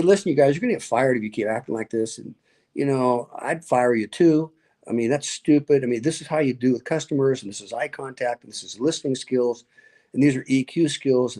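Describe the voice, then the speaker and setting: Gravelly-voiced man telling lively stories. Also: mid-range voice. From Nevada. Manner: lively, acts out quoted voices, laughs often. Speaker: guest, pastor and speaker. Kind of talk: animated storytelling interview.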